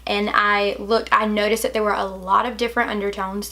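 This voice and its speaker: Young woman, beauty vlogger, hiccuping, bubbly, bright voice. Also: medium pitch, level tone, a little fast. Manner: bubbly, chatty, gushing. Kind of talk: casual product review.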